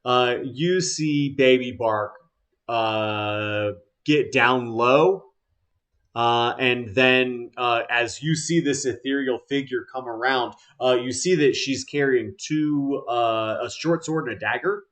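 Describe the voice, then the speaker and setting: A male game master narrates the scene slowly, pausing often with filler sounds as he describes the action. His delivery is unhurried and hesitant, with a middle-pitched, everyday voice. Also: fairly bright tone. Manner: slow, halting, many "uh" fillers.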